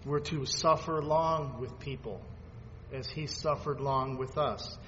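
A man preaching a sermon, swinging between fervent loud peaks and quiet asides as he reads scripture aloud. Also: medium pitch, slow. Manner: reads scripture aloud in old-fashioned phrasing. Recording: dull lo-fi sound with long hall reverb and faint background noise.

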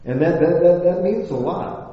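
A man's voice: high-pitched, moderate pace. A man giving an informal, folksy Bible talk that rambles along and is full of rhetorical questions. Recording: echoey hall, dull lo-fi sound, faint hiss.

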